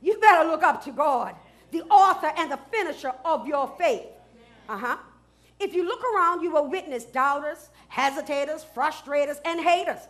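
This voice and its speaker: A woman pastor preaching a sermon, dropping to hushed asides and rising to loud shouts, with features. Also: high-pitched, animated, moderate pace. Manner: swings from hushed asides to loud shouted declarations, laughs often.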